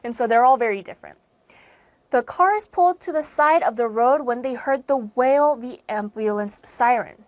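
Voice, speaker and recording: A woman's voice: fairly high pitch, moderate pace, no room sound. An American woman teaching English vocabulary in an online lesson, explaining words patiently, repeating and rephrasing, with sudden emphatic stresses on key words. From United States.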